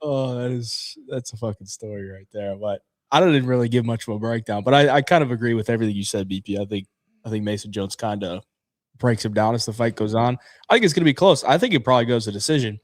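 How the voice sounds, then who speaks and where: A man's voice: medium pitch, fast talker, no room sound, studio quality. A man co-hosting a casual fight-picks show, laid-back and chatty, reading sponsor plugs too. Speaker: podcast co-host.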